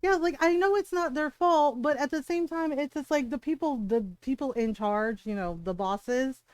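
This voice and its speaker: Woman, game streamer, casual chat at home, animated storytelling, swears freely, high voice, dry close sound. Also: moderate pace, no room sound. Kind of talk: casual chat while gaming.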